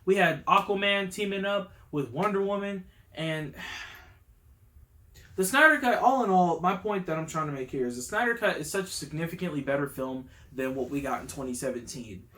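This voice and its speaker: Excitable man reviewing a movie. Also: fairly high pitch, moderate pace. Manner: excitable, gets worked up; slangy, enthusiastic storytelling. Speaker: YouTube channel host. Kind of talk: casual movie review vlog.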